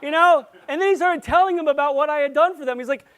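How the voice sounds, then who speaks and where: A man giving a live conference presentation, playful and jokey, with quick asides to the audience. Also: extremely high pitch, some chatter behind. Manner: grows loud and excited as he goes. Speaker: conference speaker.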